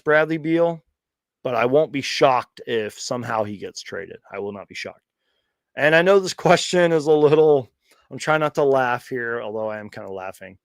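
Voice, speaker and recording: A man's voice: mid-range voice, dry recording, studio quality. A man hosting a casual live question-and-answer stream, chatty and rambling, often restarting sentences and laughing along. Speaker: host of a fan live stream.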